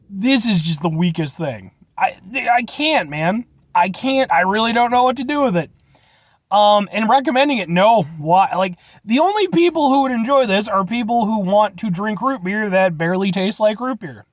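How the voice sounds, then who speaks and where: Blunt, rambling man with a lively voice. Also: high-pitched, no room sound. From Illinois, USA. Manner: rambling, blunt, swears casually, hesitant restarts. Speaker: vlogger reviewing root beer. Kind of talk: casual review monologue.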